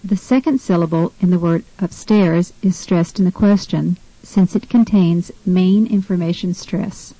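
A woman reads the steps of an English pronunciation lesson in a clear, measured way. Her voice is warm and mellow, and the recording is dry and close. The style is scripted teaching narration. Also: on the low side, dry recording, low-quality recording.

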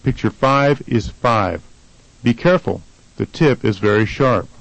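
A man reading answers and sample dialogue lines for a scripted language lesson in a plain, even way. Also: mid-range voice, measured pace, creaky, dry recording, poor audio. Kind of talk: scripted instructional narration.

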